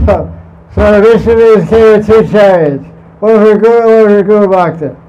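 A man's voice: high-pitched, a little slow, darkish tone. A man telling a devotional story as a spiritual teacher. He rambles, chuckles and restarts his sentences often. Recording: muffled lo-fi recording.

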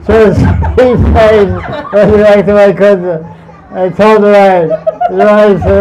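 A man's voice: high voice, steady tone, slow, darkish tone, slight background noise. A man telling a devotional story as a spiritual teacher. He rambles, chuckles and restarts his sentences often. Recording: muffled lo-fi recording.

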